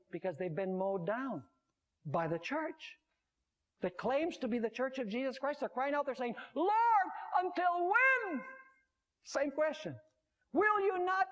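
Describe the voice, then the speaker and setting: A man's voice: high voice, darkish tone. A man, a pastor, preaching a sermon, rising sharply on key words and asking the audience questions.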